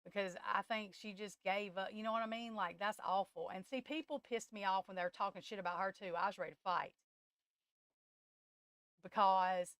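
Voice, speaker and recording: A woman's voice: medium pitch, fairly bright tone, no echo. A woman hosting a live stream, talking with passion and near tears, breaking off and restarting, calling her viewers y'all. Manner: impassioned, tearful, halting restarts, addresses viewers as y'all. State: close to tears. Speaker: tarot livestream host. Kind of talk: emotional live-stream chat.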